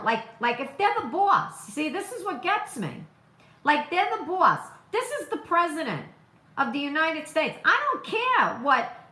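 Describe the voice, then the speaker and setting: A woman's voice: sits high, bright, forceful tone, echoey room. A woman with a noticeable accent, hosting an opinionated live stream, who repeats her points emphatically and asks rhetorical questions. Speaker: political livestream host.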